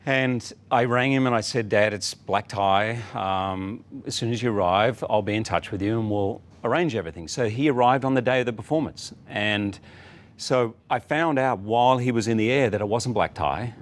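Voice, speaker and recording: A middle-aged man, a talk-show guest, telling a story in a relaxed, animated way and acting out the people he quotes. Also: fairly low pitch, moderate pace. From Australia. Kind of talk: casual talk-show anecdote.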